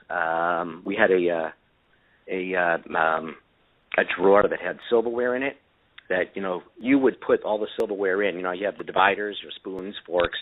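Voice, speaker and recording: A man calling in as a guest, telling a story in a rambling way with many fillers and restarts. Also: sits low. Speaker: guest inventor of camera glasses. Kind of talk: casual storytelling on a call-in show. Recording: tinny phone line.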